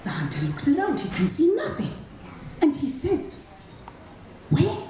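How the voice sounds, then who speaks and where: A woman telling a folktale live in rhythmic, expressive, repeating phrases. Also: high-pitched, normal speed, a little hiss or hum. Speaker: storyteller. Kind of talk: live oral storytelling. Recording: echoey hall from far off, faint ambience.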